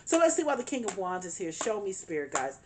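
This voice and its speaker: A woman's voice: mid-range voice, big pitch swings, fast talker, background noise. Emphatic woman giving a tarot reading. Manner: emphatic, earnest, repeats herself; calls on spirit guides. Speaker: tarot reader.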